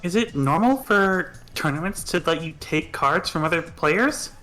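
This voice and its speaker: A player with a bright, forceful voice asks curious questions during a tabletop game. The tone is casual, with faint music underneath. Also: medium pitch, lively intonation, measured pace.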